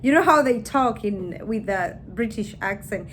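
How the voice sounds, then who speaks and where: A woman's voice: on the high side, big pitch swings, normal speed, slight background noise. A woman chatting casually to her camera, laughing as she acts out what people say. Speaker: YouTuber.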